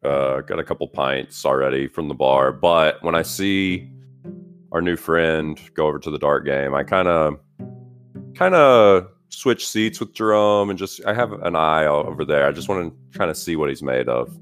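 A man playing in a tabletop game, casual and quick to laugh. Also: extremely low pitch, soft background music. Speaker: player. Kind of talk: tabletop role-play chat.

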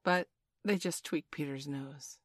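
A woman narrating a classic children's storybook in a gentle, measured way. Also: sits low, no room sound. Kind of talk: storybook reading.

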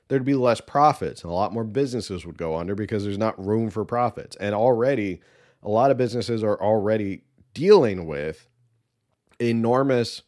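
Brief: male podcast host, mid-pitched, opinionated and sarcastic political commentary.

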